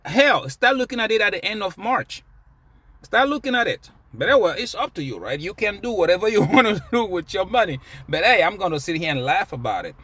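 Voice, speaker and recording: A man's voice: sits high, fairly quick, no room sound. A man giving casual, emphatic market commentary as a crypto vlogger. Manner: animated, emphatic, preachy.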